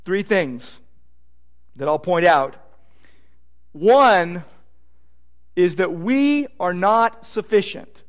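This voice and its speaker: A man preaching a sermon as pastor, emphatic, repeating phrases and swinging from loud declarations to hushed asides. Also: sits high, lively intonation, very slow, long pauses.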